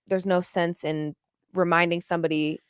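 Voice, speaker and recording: A woman's voice: on the low side, level tone, moderate pace, smooth, no echo, studio quality. A woman co-hosting a casual sports chat, speaking bluntly about betting. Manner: blunt and outspoken. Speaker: podcast co-host, betting analyst.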